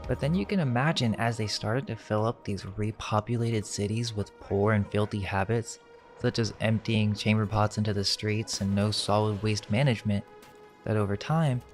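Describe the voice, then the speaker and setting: Low-voiced man narrating with faint music. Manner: measured, suggestive, rhetorical questions. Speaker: narrator of a conspiracy video. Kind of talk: scripted narration.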